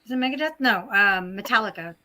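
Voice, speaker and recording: Female panelist, bright and forward, chatty and hedging. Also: mid-range voice, fast talker. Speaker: podcast panelist. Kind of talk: casual chat.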